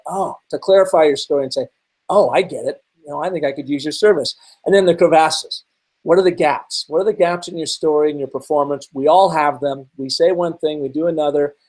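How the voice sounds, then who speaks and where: A middle-aged man from the Seattle area teaching a webinar, telling stories and asking rhetorical questions with lively energy. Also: fairly high pitch, poor audio. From Seattle, Washington area. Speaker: webinar presenter.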